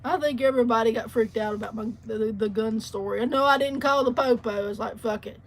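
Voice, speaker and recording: A woman's voice: a little high, fast talker, slight background noise. A woman co-hosting a casual livestream chat, telling stories bluntly and with plenty of swearing. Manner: blunt, profane storyteller.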